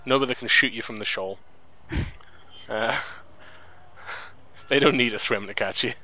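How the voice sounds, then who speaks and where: A man's voice: mid-range voice, unhurried, sharp tone. A man commenting as a friend plays a video game, dry and teasing. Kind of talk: casual let's-play chat.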